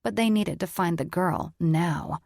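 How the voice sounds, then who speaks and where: A woman reads fantasy fiction aloud in a measured, even way. Her voice is on the low side. The sound is dry and close. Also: vocal fry, no echo. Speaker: audiobook narrator. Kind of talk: scripted fiction narration.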